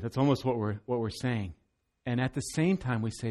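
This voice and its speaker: A man's voice: medium pitch, a little fast, a little mellow. A man preaching a sermon as pastor, earnest and emphatic, often repeating words as he goes.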